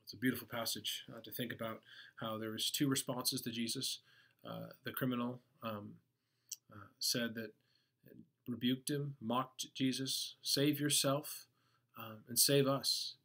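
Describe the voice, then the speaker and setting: A man's voice: mid-range voice, fairly even intonation, measured pace, creaky, a bit bright. A man preaching as a pastor, reading scripture aloud and then explaining it earnestly, with some fillers and restarts. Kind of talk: sermon devotional reading.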